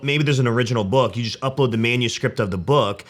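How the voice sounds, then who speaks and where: A man's voice: mid-range voice, fast talker, hardly any pauses, fairly bright tone. A man hosting an interview, thinking aloud in a casual, wondering way. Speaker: host.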